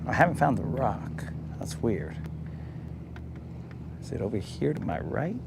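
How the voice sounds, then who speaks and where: A man's voice: mid-range voice, sing-song, unhurried, vocal fry, noisy background. A man hosting a live fishing stream from a boat, joking with viewers and muttering to himself as he fishes. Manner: joking, teasing chat, talking to himself. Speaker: fishing livestream host. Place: outdoors on a boat on a lake.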